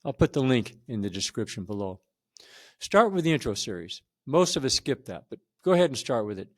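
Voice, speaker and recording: A man's voice: medium pitch, sing-song, a little fast. A man hosting a men's support channel, talking straight to viewers in an earnest, emphatic and reassuring way. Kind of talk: direct-to-camera talk.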